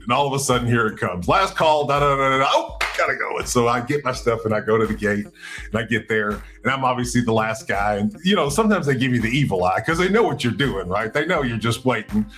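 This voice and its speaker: A male podcast host telling a story casually, in an animated way, acting out what people said. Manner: animated, acts out quotes with big pitch jumps.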